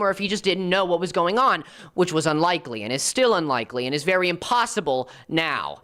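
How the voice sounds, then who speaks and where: A woman's voice: lowish voice, a bit bright. Sarcastic American woman commentator. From United States. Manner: sarcastic, mocking asides. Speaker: commentary YouTuber. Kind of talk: scripted commentary narration.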